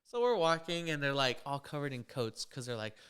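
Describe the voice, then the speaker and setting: Very clear-voiced young man. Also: medium pitch, big pitch swings, a little fast, a bit bright. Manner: easygoing, short replies, chatty storyteller. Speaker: podcast co-host. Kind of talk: casual chat.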